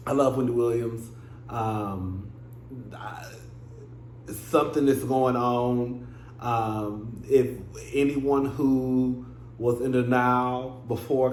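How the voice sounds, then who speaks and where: A man hosting his own gossip vlog, talking casually and sassily to his viewers and calling them "girl". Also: medium pitch. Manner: chatty, sassy, addresses viewers as "girl". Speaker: vlog host. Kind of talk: casual celebrity gossip chat. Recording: echoey room with faint noise.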